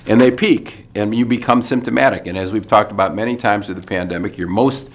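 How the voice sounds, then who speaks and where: Low-voiced older man giving a wry update. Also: brisk. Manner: conversational, wry asides, frequent fillers and restarts. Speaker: medical school leader giving a weekly video update. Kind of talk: informal spoken briefing.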